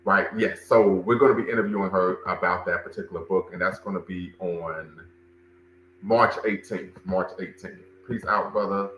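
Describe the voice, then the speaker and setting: A man's voice: low voice, steady tone, moderate pace, a bit bright, echoey room, slight background noise, low-quality recording. A man hosting a livestream, commenting and talking with his chat, emphatic and repeating phrases for stress. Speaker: livestream show host and cultural center director.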